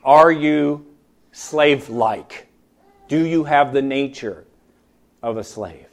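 A male pastor preaching a sermon in a church, firing rhetorical questions and swinging between loud emphasis and soft, low asides. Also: slow.

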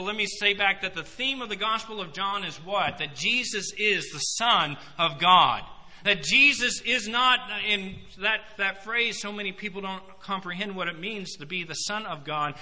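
A man preaching a sermon, emphatic, swinging between loud proclamations and quiet asides. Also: on the high side. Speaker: pastor. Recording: long hall reverb.

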